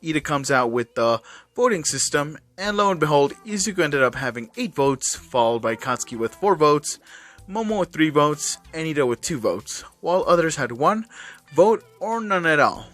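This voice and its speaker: A man's voice: a little high, big pitch swings, moderate pace, a bit bright, soft background music. Man casually reading a fan story. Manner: casual, with small slips and fillers. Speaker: channel host reading fan fiction.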